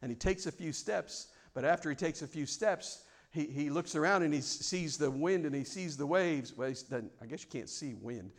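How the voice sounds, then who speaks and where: A man preaching a sermon, swinging between loud, mock-formal prayers and quiet, reflective stretches. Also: on the high side, expressive, moderate pace, hardly any pauses. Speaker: pastor.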